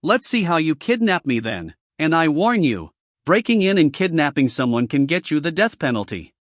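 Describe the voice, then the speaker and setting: A man's voice: a little high, very animated, normal speed, no echo, clean studio sound. A man voicing a flustered, stammering young female celebrity in a comic recap. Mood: panicked.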